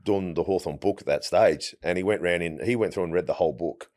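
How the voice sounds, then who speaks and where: Deep-voiced Australian man telling stories. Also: quick pace. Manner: relaxed, anecdotal, frequent restarts. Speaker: guest, retired footballer. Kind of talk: casual interview storytelling.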